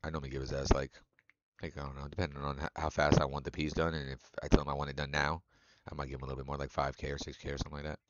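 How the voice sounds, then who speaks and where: A man's voice: extremely low pitch, flat delivery, very fast, dull audio, background noise. A man streaming a game and chatting casually with viewers, loose and profane, laughing often. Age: adult. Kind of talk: casual live-stream chat.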